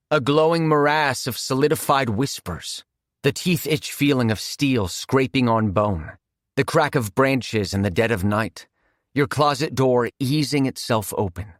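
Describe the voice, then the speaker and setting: Man, horror audiobook narrator, measured vivid storytelling, mid-range voice, dry studio sound. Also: mid-range voice, lively intonation, no room sound.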